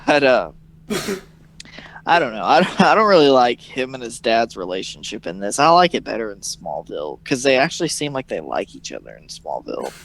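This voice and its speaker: A man's voice: mid-range voice, very animated, a little fast, gravelly, few pauses, a bit bright. Young guy co-hosting a podcast, jokey, voice bounces all over, does silly voices. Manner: joking, acts out characters in mocking voices. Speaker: podcast co-host. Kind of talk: casual chat.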